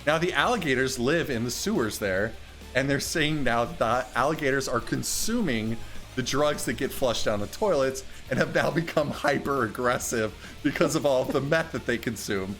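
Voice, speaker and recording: A man's voice: mid-range voice, expressive, moderate pace, fairly bright tone, soft background music. A man co-hosting a casual comedy news chat, reading headlines aloud and laughing often. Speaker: podcast co-host reading news stories.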